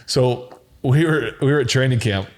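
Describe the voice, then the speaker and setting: A man's voice: mid-range voice, normal speed. Laughing storytelling man hosting a chat. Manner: animated, laughing, mimics coaches' voices in stories. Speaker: podcast host.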